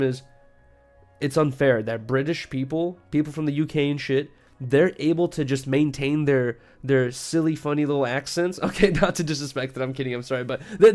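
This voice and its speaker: A man's voice: a little high, a little mellow. A man with an American accent chatting casually on a late-night stream, rambling and swearing and laughing easily.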